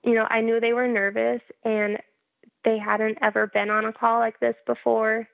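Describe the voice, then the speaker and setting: A woman's voice: fairly high pitch, little pitch movement, moderate pace, creaky, dry recording. A woman frankly telling her own story in a casual interview, wry and laughing at herself. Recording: tinny phone-like line.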